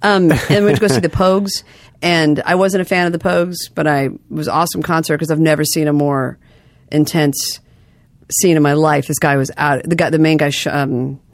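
A woman's voice: low voice, steady tone, fairly quick, dry recording. A woman, a comedian guest, rambling in casual chat, self-deprecating and full of restarts. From United States.

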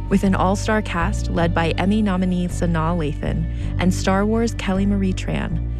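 A woman announcer reading a scripted promo in a smooth, dramatic, measured way. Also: fairly low pitch. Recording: promo with music bed.

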